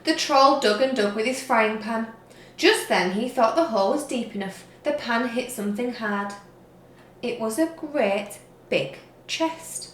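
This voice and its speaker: A woman teacher reads a picture-book story to young children. Her voice rises and falls expressively, and she takes it slowly. The recording has a roomy echo. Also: on the high side. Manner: slow, expressive read-aloud. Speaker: reception teacher.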